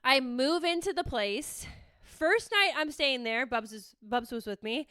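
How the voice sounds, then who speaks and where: A young woman from the Bay Area chats on her podcast in a high, bright voice. She tells her story in a rambling way, full of "like", and the sound is close and dry. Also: a little slow, clean tone, no room sound. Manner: rambling, lots of "like", animated retelling. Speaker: podcast host. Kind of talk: casual storytelling chat.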